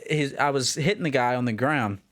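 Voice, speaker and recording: A man's voice: mid-range voice, a little fast, fairly bright tone. A man in casual podcast chat, telling stories about his old fights in a laid-back, amused way. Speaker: amateur fighter recounting a bout.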